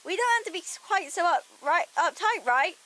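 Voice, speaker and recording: A woman's voice: very high-pitched, expressive, normal speed, a bit bright, voice pushed up. A woman voicing Zuri, a playful, cheeky young alien crew member, in an amateur audiobook reading. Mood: cheerful.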